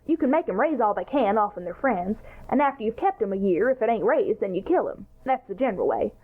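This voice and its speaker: A woman voicing an eager, bossy boy ringleader in a radio-style drama, talking in an excited, boastful way. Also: a little high, fast. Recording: tinny phone-like sound.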